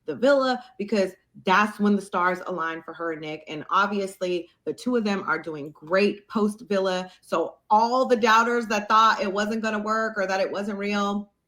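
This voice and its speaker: A woman talks through a reality show in a casual, unfiltered way. She is blunt and sassy and swears freely. Her voice sits at an ordinary middle pitch. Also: normal speed, hardly any pauses, fairly bright tone. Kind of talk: casual commentary.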